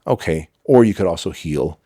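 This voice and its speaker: Middle-aged guy on a podcast, low voice, dry close mic, tells it with lots of feeling and a few swears. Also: animated, moderate pace, mellow, husky, no room sound. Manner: emphatic, swears, acts out dialogue. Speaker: podcast guest. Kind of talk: candid storytelling interview.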